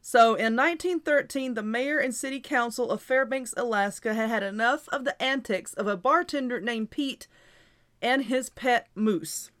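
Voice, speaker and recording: A middle-aged woman reads an article aloud on her own show, tossing in chatty asides and small laughs. Her voice sits a little high for a woman. The tone is loose and conversational. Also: normal speed, a bit bright. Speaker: host. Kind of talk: casual chat reading an article.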